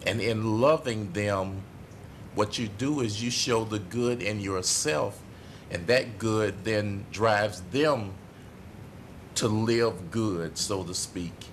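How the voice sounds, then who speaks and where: Man, middle-aged, city commissioner, tearful, impassioned, halting, council meeting, faint background hiss. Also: on the low side. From United States. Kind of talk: emotional speech at a council meeting.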